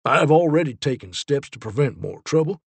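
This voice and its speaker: A man's voice: medium pitch, lively intonation, fairly quick, vocal fry, husky, no echo. A man voicing Zeke, an earnest male Time Ranger explaining and defending a case, in a storybook reading. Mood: urgent. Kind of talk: storybook character voice.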